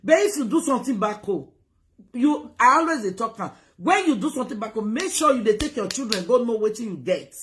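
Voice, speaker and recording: A woman with a Nigerian Pidgin accent giving advice in a casual talk, animated and lecturing, switching between Pidgin and English. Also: fairly high pitch, fairly quick. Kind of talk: casual live-stream talk. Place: United Kingdom.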